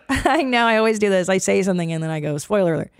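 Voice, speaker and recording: A woman's voice: mid-range voice, lively intonation, fast talker, clear, resonant tone, no room sound. A woman in her forties hosting a podcast, rambling and swearing freely, with sighs and restarts, a little stuffy from cold medicine. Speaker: podcast host. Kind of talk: casual chat.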